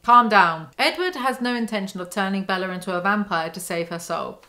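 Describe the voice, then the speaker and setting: A woman breaking down a novel for her channel, her voice bright and forceful. She reads passages aloud in a dry, even tone, then cuts in with sarcastic, mocking remarks. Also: medium pitch, fast talker. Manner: sarcastic, mocking asides between dry readings. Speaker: book commentary YouTuber.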